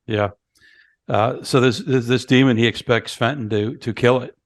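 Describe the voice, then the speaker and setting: A man's voice: mid-range voice, fairly even intonation, moderate pace, no room sound, studio quality. Male podcast co-host, conversational, retells plot beat by beat, quotes lines in character. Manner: retells scenes, acting out lines. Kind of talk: casual movie review chat.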